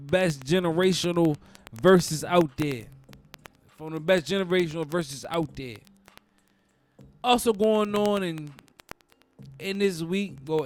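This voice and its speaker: A young man from Baltimore with a Baltimore accent, hosting a casual podcast monologue in an animated, profane storytelling manner with loud outbursts. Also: a little high. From Baltimore, USA. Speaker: podcast host.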